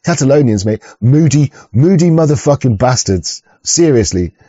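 A man's voice: medium pitch, lively intonation, moderate pace, mellow, breathy edge, dry recording, highs cut off. A man who rants through a video reaction, swearing and stumbling over his words. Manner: profane, stammering, rambling rant. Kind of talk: ranting reaction commentary.

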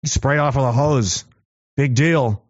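A man hosting his own show, delivering a sarcastic, combative monologue to camera, swinging from low muttering to raised challenges. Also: moderate pace, no room sound, highs cut off. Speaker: commentary show host.

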